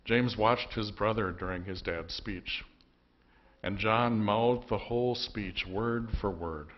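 A man's voice: lowish voice, takes it slowly, highs cut off. A male pastor with an Upper Midwest American accent, retelling a Bible story in a folksy, wry sermon in a church. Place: church sanctuary.

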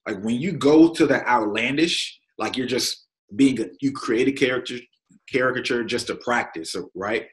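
A man hosting a casual interview, talking in a relaxed, conversational way and laughing easily. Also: medium pitch, moderate pace. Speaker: interviewer, podcast host.

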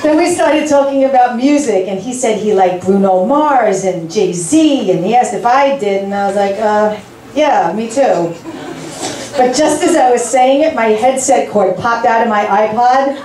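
A woman in her forties performing a stand-up set of deadpan, self-mocking one-liners in a comedy club. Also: a little high, moderate pace, few pauses, slight background noise. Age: 40s. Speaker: stand-up comic. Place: club stage with audience. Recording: echoey room, from a distance.

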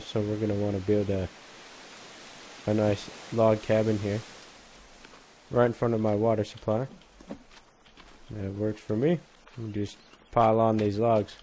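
A man's voice: fairly low pitch, warm tone, slight background noise. A man giving casual, crude, joking commentary over a video game, swearing often. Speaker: gameplay commentator. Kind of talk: casual let's play commentary.

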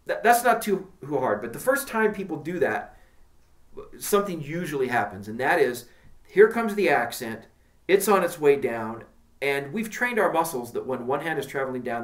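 A man teaching a drum lesson, coaching emphatically and counting out patterns as he demonstrates. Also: medium pitch. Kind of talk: instructional lesson.

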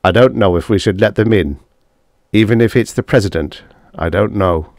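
A man voicing a grim base commander with slow, clipped, firm orders. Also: lowish voice, vocal fry, darkish tone, no room sound, clean studio sound.

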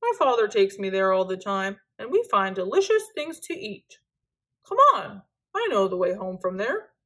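A woman's voice: mid-range voice, big pitch swings, normal speed, a bit bright. A woman voicing a brave, cheerful young male polar bear cub, eager and reassuring.

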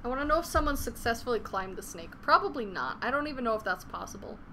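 A woman's voice: on the high side, expressive, quick pace, bright, forceful tone, slight background noise. A young woman chatting casually on a live gaming stream, swearing freely and venting frustration between laughs. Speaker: game streamer.

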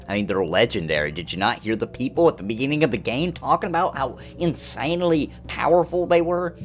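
A man casually commentating while he plays a video game, excitable and talking to himself as he reads the game text aloud. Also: mid-range voice, brisk, faint music behind. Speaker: streamer playing a video game.

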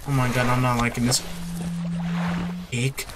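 A man's voice: medium pitch, completely flat delivery, measured pace, over loud music. A young man giving casual horror game commentary, nervous and jittery, repeating himself and tacking "bro" onto his lines. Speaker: gaming YouTuber.

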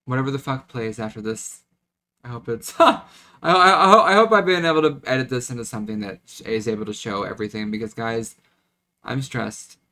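A man's voice: mid-range voice, brisk, sharp tone. A young man in his twenties venting in a confessional vlog, rambling, choked up and close to tears, with frequent restarts. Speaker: vlogger.

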